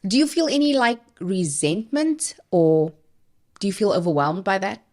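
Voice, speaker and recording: A woman hosting a podcast interview, asking follow-up questions in a relaxed conversational way and laughing often. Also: mid-range voice, normal speed. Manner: warm follow-up questions with frequent light laughter. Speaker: podcast host.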